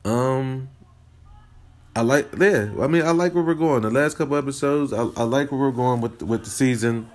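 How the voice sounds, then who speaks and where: A man's voice: mid-range voice, normal speed. A man hosting a casual solo podcast, talking with passion and repeating himself, peppering his talk with "man" and "you know what I mean". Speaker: podcast host.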